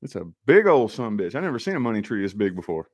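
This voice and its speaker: A laid-back man rambles to his live viewers from his home office. His pitch swings up and down a lot as he chats, with a casual drawl full of "y'all" and "man". The talk is loose and friendly, never scripted. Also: very animated, fast talker, dull audio. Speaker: live-stream host.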